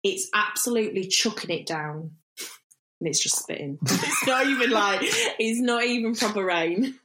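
British female co-host, teasing and giggly, mid-pitch, chatty podcast delivery. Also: lively intonation, moderate pace, pushed and bright, a little hiss or hum, low-quality recording. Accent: British English. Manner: playful, teasing, laughs often. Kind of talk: casual podcast chat.

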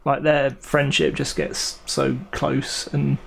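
A man's voice: mid-range voice, level tone, takes it slowly, vocal fry, a little hiss or hum. A man co-hosting a podcast, talking in a hesitant, casual way with restarts and hums. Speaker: podcast co-host. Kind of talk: casual chat.

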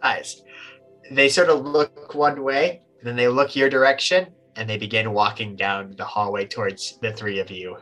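A man narrating a tabletop game as game master, in a relaxed, halting way with many fillers. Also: medium pitch, faint music behind, rough recording.

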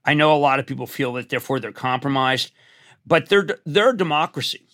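An older man talking as an interview guest, rambling and animated, with sudden leaps in his voice. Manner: animated, rambling, quick jumps in pitch. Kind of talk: casual interview chat.

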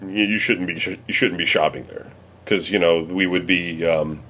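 A man from the Cleveland area, chatting casually in a rambling, halting way full of fillers and restarts. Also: sits low, steady tone, sharp tone. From Cleveland area, United States. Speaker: conversation partner. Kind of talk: casual chat.

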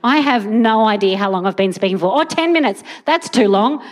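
On a live theatre stage before an audience, a young adult woman performs stand-up, rambling along in disbelief and tossing in wry asides. Her voice sits on the high side and comes out animated and brisk, with faint crowd noise in the background.

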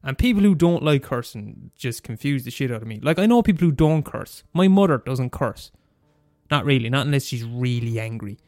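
Here the student radio host, an Irish man in his twenties, has a mid-range voice and a normal speaking speed. He rants casually and curses freely in an animated monologue, captured with studio quality and no echo.

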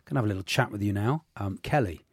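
A man's voice: lowish voice, very fast, slightly rough, dry recording, studio quality. A man hosting a radio sports quiz in a jovial, teasing way.

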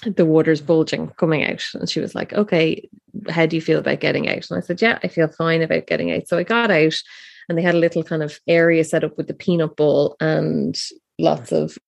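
Low-voiced woman telling a birth story. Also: steady tone, fairly quick, gravelly, dull audio. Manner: chatty, emotional, many fillers and restarts. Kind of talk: casual personal storytelling.

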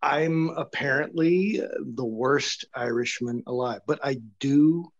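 A man's voice: medium pitch, slow pace, no echo, lo-fi sound. A middle-aged man talking as an author guest in a casual interview, blunt and sardonic, often mocking himself.

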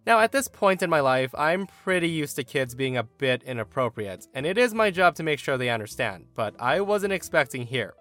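Animated male story reader. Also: a little high, normal speed, few pauses, soft background music. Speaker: story narrator. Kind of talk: reading a forum story aloud.

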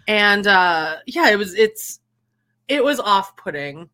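A woman co-hosting a podcast over a video call, chatting casually and animated, often laughing and trailing off mid-sentence. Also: medium pitch, moderate pace. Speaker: podcast co-host. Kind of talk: casual chat.

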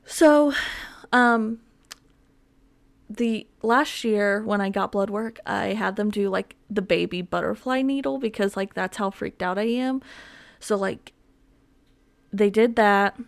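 A woman's voice: medium pitch, slow pace, creaky, long pauses. A young woman hosting a podcast from home, chatting casually in a rambling, filler-heavy, self-mocking way. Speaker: podcast host. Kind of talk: casual solo chat. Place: home with dogs around.

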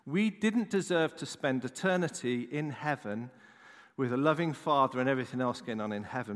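A male pastor preaching a sermon, telling a story with candid, chatty asides to the audience. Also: fairly high pitch. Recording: echoey hall reverb.

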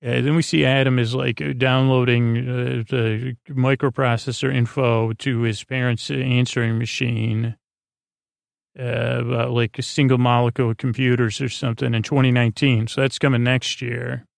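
A man's voice: medium pitch, little pitch movement, normal speed, vocal fry, no echo, clean studio sound. A man casually retelling a TV episode as a bedtime story, meandering along with lots of "uh" and "he goes". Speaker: podcast host retelling a TV episode. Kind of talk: rambling casual recap for sleep.

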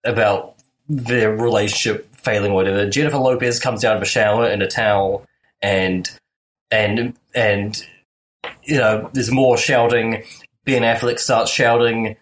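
Deadpan male podcast storyteller. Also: lowish voice, unhurried, low-quality recording. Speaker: film podcast co-host. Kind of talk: casual film discussion, retelling a scene.

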